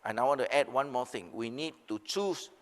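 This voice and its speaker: Older guy giving a fired-up panel talk over a video call, lots of reverb, mid pitch. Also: a little fast. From Singapore. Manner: emphatic, rising and dropping for rhetorical questions. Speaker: seminar panelist. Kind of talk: impassioned panel speech.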